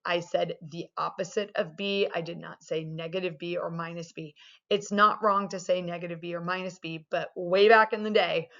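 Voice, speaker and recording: Young woman math teacher, low-pitched, loose and chatty delivery, muffled recording. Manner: casual, chatty explaining with many fillers. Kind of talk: recorded video lesson. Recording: dull lo-fi sound.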